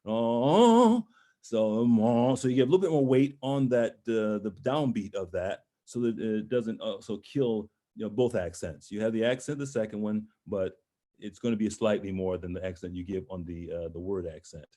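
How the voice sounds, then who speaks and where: Leading an online master class, a voice coach helps a young singer with phrasing over video, offering tentative, supportive remarks. His voice is fairly low and warm, his pace brisk, and he sings and says sample words in French and German.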